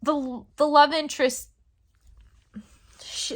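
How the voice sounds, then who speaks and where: Animated high-pitched exasperated woman. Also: unhurried, long pauses. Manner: exasperated, dramatic, swearing. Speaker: book vlogger. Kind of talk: casual reading vlog rant.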